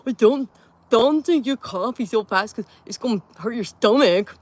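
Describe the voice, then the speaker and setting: A woman's voice: fairly high pitch, moderate pace, slight background noise, voice pushed up, close to an everyday voice. A woman mocking her fussy, whiny ex-boyfriend. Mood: nagging. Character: nagging, fussy ex-boyfriend, young man.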